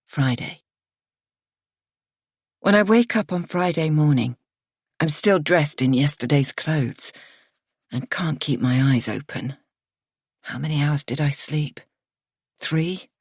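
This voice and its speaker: Low, husky woman narrating a thriller. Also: no room sound, clean studio sound. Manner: measured, expressive storytelling. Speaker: audiobook narrator. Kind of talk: first-person thriller narration.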